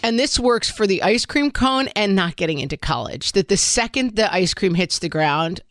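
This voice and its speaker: On a parenting podcast, this middle-aged co-host speaks in an animated, fairly bright mid-range voice at a moderate pace. She chats casually and candidly, pokes fun at herself, and works through her thoughts with plenty of "like"s, recorded in studio quality with no echo.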